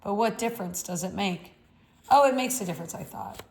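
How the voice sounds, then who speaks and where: A woman reading a novel aloud in the first person, measured and reflective. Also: medium pitch, a little mellow, slight background noise. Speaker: audiobook reader.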